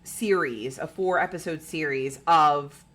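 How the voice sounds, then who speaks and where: Woman podcast co-host, deep voice, casual chat, swears a lot, acts out quotes. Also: measured pace, background noise. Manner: chatty, swearing, acting out quotes. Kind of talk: casual chat, retelling a ghost-hunting episode.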